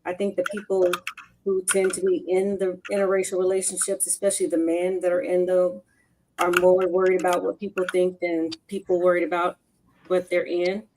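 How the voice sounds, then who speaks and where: A woman speaking in a relaxed, measured way in a casual panel discussion. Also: lowish voice, background noise. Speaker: panel guest.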